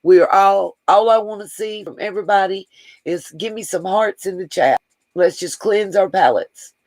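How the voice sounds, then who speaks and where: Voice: medium pitch, normal speed, darkish tone, no echo, rough recording. A man hosting a livestream, chatting casually and affectionately to viewers as he reads their comments aloud. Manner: affectionate, rambling, talks straight to viewers. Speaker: livestream host.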